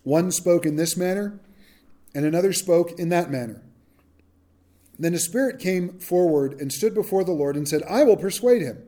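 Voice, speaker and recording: A man's voice: fairly high pitch, normal speed. A man preaching a verse-by-verse sermon, reading scripture aloud and acting out the speakers in casual modern slang. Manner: animated, acts out quotes in modern slang. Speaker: pastor. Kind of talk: expository sermon.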